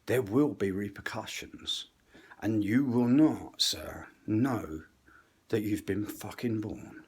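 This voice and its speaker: A man putting on a cocksure old English actor with an English accent, talking slowly and measured, quietly threatening. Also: fairly low pitch, slightly rough, exaggerated voice. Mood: coldly menacing. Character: cocksure old male English actor, icy calm menace.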